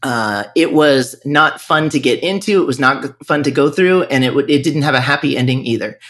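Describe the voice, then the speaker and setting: Interviewed on a podcast, a northern Virginia man who runs a music school reflects candidly on things, frequently starting his sentences over. His voice is mid-range and a bit bright, with a fairly quick delivery.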